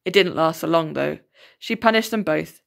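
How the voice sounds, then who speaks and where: A woman's voice: low voice, moderate pace, vocal fry. Woman reading a children's novel aloud. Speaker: storybook reader.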